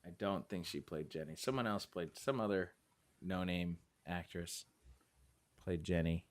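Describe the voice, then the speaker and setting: A man co-hosting a casual movie chat, animated and joking, acting out lines from scenes. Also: low-pitched, measured pace. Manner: animated, acts out quotes in funny voices. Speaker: podcast co-host.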